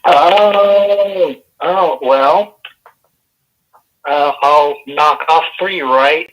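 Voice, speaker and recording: A man's voice: a little high, drawn-out words, fairly bright tone, rough recording. A man calling in as a podcast guest, joking and teasing in a playful, self-mocking way. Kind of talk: casual joking chat over a call. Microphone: phone call.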